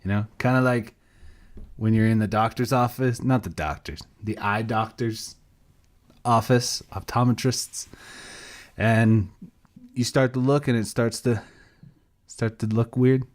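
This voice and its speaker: A man's voice: medium pitch, fairly even intonation, measured pace, pauses often. A sleep-deprived man co-hosting a podcast by himself, rambling casually, losing his thread and laughing at himself. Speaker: podcast co-host.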